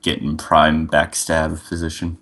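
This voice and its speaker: A man's voice: extremely low pitch, monotone, unhurried, fairly bright tone. A man playing a tabletop game, asking questions and thinking aloud hesitantly. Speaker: player.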